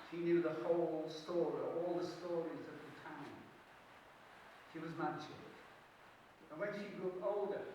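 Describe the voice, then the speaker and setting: A man telling folk tales live at a festival, lively and playful. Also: sits high. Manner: lively, playful, chuckling asides. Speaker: storyteller. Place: festival hall. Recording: echoey hall, distant mic, hiss.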